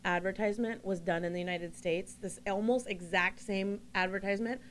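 A woman's voice: medium pitch, steady tone, fairly quick, slight background noise. A woman co-hosting a casual talk show, playful and enthusiastic in banter. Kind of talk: casual chat.

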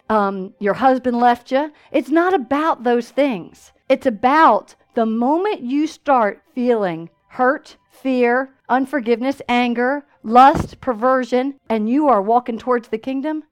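A woman preaching a sermon in a church, telling stories with lively call-and-response asides. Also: a little high, smooth.

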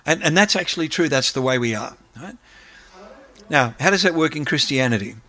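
Lively man lecturing. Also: fairly high pitch, a little fast. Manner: lively, rhetorical questions to the audience. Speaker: academic speaker. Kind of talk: lecture with audience Q&A.

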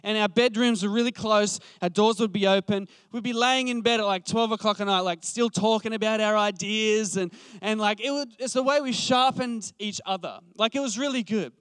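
A man's voice: high-pitched, fairly even intonation, normal speed, few pauses, a bit bright, smooth, dry recording, studio quality. A man, preaching a conversational sermon with passion, thinking aloud with restarts and fillers. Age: late 20s.

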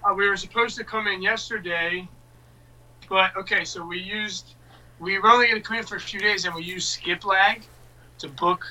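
A man's voice: high-pitched, fairly even intonation, normal speed, pushed and bright, slight background noise, rough recording. A man joining a casual talk show as a guest over a remote call, telling a story in a laid-back, slangy way. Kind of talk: casual chat.

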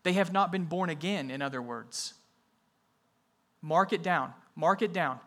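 A man's voice: on the high side, measured pace, a bit bright. A man preaching a sermon in an emphatic way, often repeating his key phrases for weight. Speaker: pastor.

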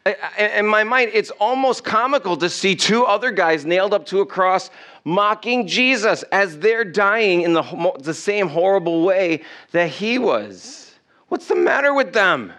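A man's voice: sits high, animated, measured pace, sharp tone. A man preaching a sermon to his church in a conversational way, asking his listeners questions. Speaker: pastor.

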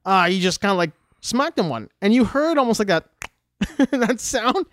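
A man co-hosting a casual podcast, trading quick quips and telling an anecdote. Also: high-pitched, animated, fairly bright tone, no room sound, clean studio sound. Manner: quick reactive quips and short interjections. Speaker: podcast co-host. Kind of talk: casual chat.

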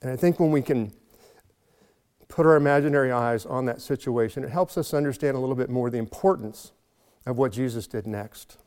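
A man preaching a sermon in an earnest way, slowing down and building up for emphasis. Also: medium pitch, a little mellow, in a large hall. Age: adult, has a son. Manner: earnest, slows and swells for emphasis. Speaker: pastor.

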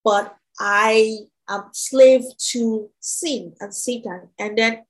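A woman's voice: fairly high pitch, fairly even intonation, takes it slowly, rough recording. A young woman preaching and sharing her testimony in an earnest, emphatic way, often repeating her phrases. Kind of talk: testimony sermon.

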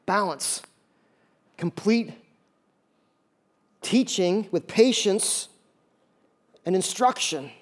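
A male pastor preaching in an easygoing, conversational way, with quick jokes and asides. His voice sits high for a man and swings between loud emphasis and quiet, soft passages. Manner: conversational and animated, jokey asides. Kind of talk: sermon.

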